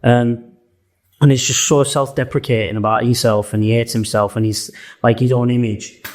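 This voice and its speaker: A man's voice: mid-range voice, moderate pace. Male co-host, chatty recapper, mimics people, echoey room. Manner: animated, retells scenes, mimics people, swears freely. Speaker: podcast co-host. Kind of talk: casual chat.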